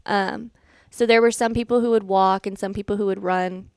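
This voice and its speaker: A woman's voice: medium pitch, fairly even intonation, moderate pace, a little mellow, smooth, no room sound, studio quality. A woman filling in as co-host on a local morning show, chatting casually about an event. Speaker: fill-in co-host.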